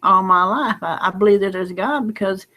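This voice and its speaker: A woman's voice: mid-range voice, normal speed. Sleepy woman rambling late at night. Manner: rambling, folksy, drowsy and soft-spoken. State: sleepy and close to tears. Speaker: lottery number vlogger. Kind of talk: late-night casual vlog monologue.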